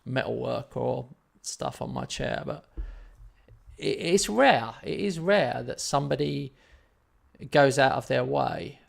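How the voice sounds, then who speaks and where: A man's voice: mid-range voice, slow pace, vocal fry. A man telling a story in casual chat on his live stream, rambling and self-deprecating.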